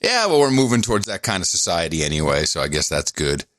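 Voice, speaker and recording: A man's voice: low-pitched, quick pace, no echo, clean studio sound. Teasing, sarcastic man co-hosting a podcast. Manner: teasing, sarcastic, animated storytelling. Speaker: podcast co-host. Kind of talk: casual political chat.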